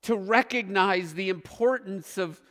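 A man preaching a sermon as pastor, earnest, with emphatic pauses. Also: high-pitched, fairly bright tone, big-room sound.

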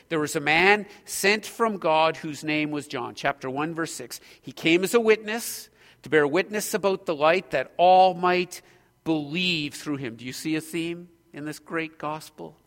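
A man's voice: fairly high pitch, sharp tone, big-room sound. A man preaching an expository sermon, earnest and emphatic, pressing his points with growing intensity.

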